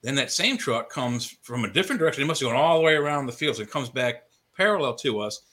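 Bright-voiced man telling a story. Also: medium pitch, expressive, quick pace. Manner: storyteller, builds to punchlines. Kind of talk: casual talk show storytelling.

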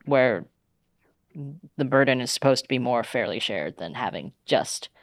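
A co-host in casual chat, skeptical and quick to correct. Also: medium pitch, expressive, no room sound, studio quality.

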